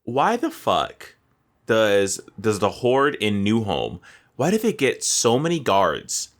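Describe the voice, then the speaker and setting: A man's voice: fairly low pitch, wildly swooping pitch, takes it slowly. A man co-hosting a gaming podcast, ranting animatedly in casual chat and swearing freely. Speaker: podcast co-host.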